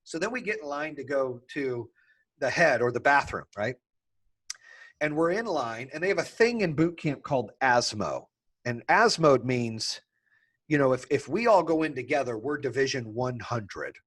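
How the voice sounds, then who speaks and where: A man hosting a podcast, telling a story in a casual, animated way, swearing freely and laughing as he talks. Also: mid-range voice, normal speed, husky. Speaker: podcast host.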